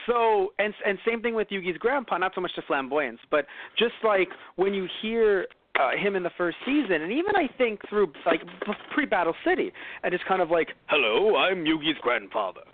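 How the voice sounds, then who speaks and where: A man's voice: high voice, lively intonation, a little fast, hardly any pauses, narrow, tinny audio, a little hiss or hum. An American man co-hosting a podcast in casual chat, rambling with lots of fillers and restarts. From United States. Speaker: podcast co-host.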